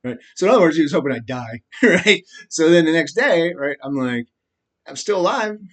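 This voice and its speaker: Man vlogger, rambling profane rant, agitated, slightly higher voice, frequent "right?". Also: lively intonation, brisk, a bit bright. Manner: frequent laughs and repeated "right?". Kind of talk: rambling monologue.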